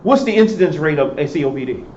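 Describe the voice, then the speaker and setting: A man's voice: on the high side, expressive, quick pace, a little mellow. A male professor giving a classroom lecture, quizzing students and answering his own questions. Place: lecture hall. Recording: echoey lecture hall, dull sound, faint hiss.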